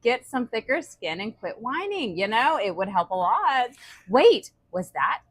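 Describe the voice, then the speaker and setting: A woman's voice: on the high side, sing-song. Emphatic woman reading viewer comments. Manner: emphatic, quick agreeing interjections, reads comments aloud. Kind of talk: casual chat.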